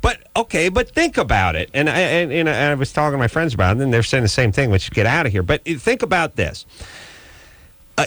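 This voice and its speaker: A man's voice: mid-range voice, a bit bright, no room sound. A man hosting a radio talk show, telling stories in a sardonic, rambling way with many restarts. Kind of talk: casual radio talk, storytelling.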